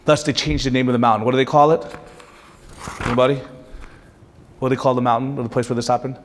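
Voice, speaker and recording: A man preaching a sermon with impassioned rhetorical questions, at times dropping to a hushed, intense delivery. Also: mid-range voice, level tone, fast, slight background noise. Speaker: pastor. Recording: long hall reverb.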